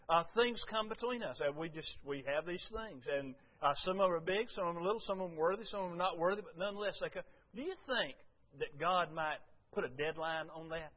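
A man preaching a folksy, storytelling sermon to his congregation, swinging from loud to hushed. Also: high voice, highs cut off. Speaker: pastor.

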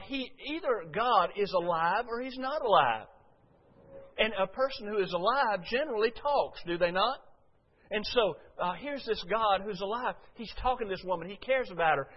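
A man delivering a sermon in a church, chatting to his congregation in a folksy way. His voice sits a little high for a man. The recording is dull and lo-fi. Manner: folksy, conversational preaching with frequent "uh" and rhetorical questions. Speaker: preacher.

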